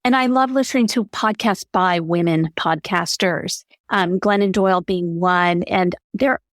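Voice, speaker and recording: A woman's voice: on the low side, measured pace, no echo. Earnest woman giving emphatic advice. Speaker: podcast guest, allyship speaker. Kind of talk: conversational interview answer.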